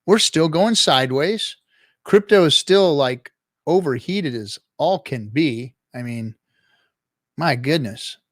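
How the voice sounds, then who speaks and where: A man hosting a casual live-stream chat show, talking in a rambling, halting way with many restarts. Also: fairly high pitch, animated, no echo, studio quality. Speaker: podcast host.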